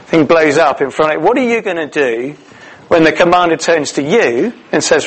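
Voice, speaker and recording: A middle-aged man preaching a sermon, telling the story in a lively way with many "uh"s and restarts. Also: on the high side, fairly quick, slightly rough, low-quality recording. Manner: animated storytelling with many fillers.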